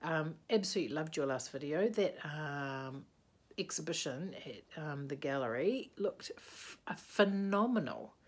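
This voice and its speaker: Husky low-voiced woman. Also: expressive, a little slow. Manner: rambling, chatty, sleepy and yawning. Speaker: vlogger. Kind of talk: casual video-reply vlog. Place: indoors, bedroom with a bedspread.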